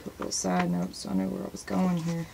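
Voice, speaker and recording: Gravelly-voiced woman rambling excitedly. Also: on the low side, fast, slight background noise, rough recording. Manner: excitable, rambling, points at pictures in books; sprinkles praise phrases into talk. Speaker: religious video host. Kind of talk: casual show-and-tell talk to camera.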